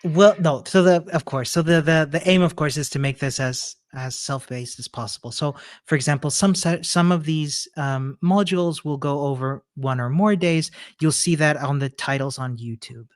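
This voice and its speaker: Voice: mid-range voice, normal speed, hardly any pauses, no echo, studio quality. A co-host on a coding bootcamp livestream, encouraging, with hesitant restarts. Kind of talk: casual livestream chat.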